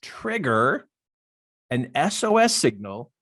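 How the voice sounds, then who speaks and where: A man's voice: medium pitch, slow pace, slightly rough. A man, a life coach, telling a personal story with lots of laughter and acted-out dialogue. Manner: expressive, laughs often, acts out dialogue.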